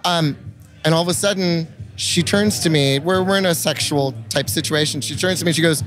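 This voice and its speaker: A man with a somewhat high voice tells a wild anecdote as a podcast guest, with faint music behind him. He is expressive and swears freely, and he acts out the quotes with real flair. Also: a little fast. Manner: expressive and profane, with lively acted-out quotes. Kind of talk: animated anecdote-telling in an interview. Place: trade show convention.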